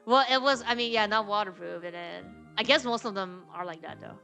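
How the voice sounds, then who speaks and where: A woman's voice: medium pitch, a little fast, vocal fry, hardly any pauses, bright, forceful tone, faint music behind. A woman streaming a game, chatting casually with giggly, slangy asides. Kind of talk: let's play commentary.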